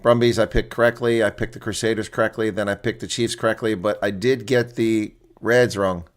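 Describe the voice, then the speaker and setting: Guy doing live rugby reaction commentary, lowish voice, blunt chatty remarks. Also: fairly even intonation, brisk. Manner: chatty, blunt, exclaims often.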